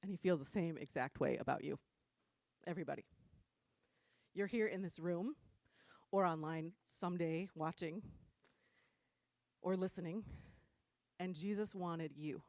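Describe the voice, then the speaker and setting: Middle-aged woman preacher from New Jersey: chatty, animated, dry close sound. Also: on the low side, unhurried, pauses often, dry recording. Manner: animated, self-deprecating, laughs often. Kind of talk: casual storytelling sermon. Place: church room.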